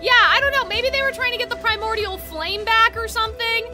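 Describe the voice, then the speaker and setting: A woman's voice: very high voice, brisk. A woman streaming a video game, rambling through casual commentary, swearing freely and laughing at her own jokes. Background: game music.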